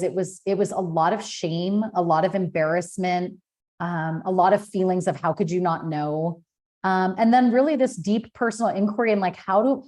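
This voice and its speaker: A woman in her thirties speaks as a podcast guest about her own life. She talks candidly and with feeling, her voice pitched in a middle range. Fillers and restarts come often as she tells it. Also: a little mellow. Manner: candid, emotional storytelling with many fillers. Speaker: podcast guest, business founder. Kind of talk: personal story in an interview.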